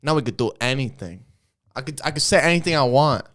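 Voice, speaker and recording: A man's voice: mid-range voice, lively intonation, quick pace, fairly bright tone, no room sound, clean studio sound. A man in his twenties co-hosting a podcast, joking in an offhand, sweary way. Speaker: podcast co-host. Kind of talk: casual chat.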